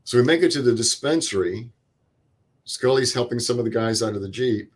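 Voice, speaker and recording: An older veteran speaks in an interview at an ordinary middle pitch. He tells his story in a plain, unhurried way, acting out what others said and stopping now and then to recall details. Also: breathy edge. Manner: plain vivid retelling with quoted dialogue and pauses. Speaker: veteran guest.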